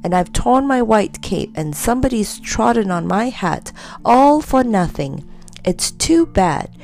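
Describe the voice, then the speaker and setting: A woman's voice: medium pitch, very animated, normal speed, vocal fry, a little mellow. A woman voicing a pompous, meddling grown man who is touchy and haughty in a storybook reading. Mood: huffy. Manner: indignant, haughty outbursts. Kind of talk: storybook character voice.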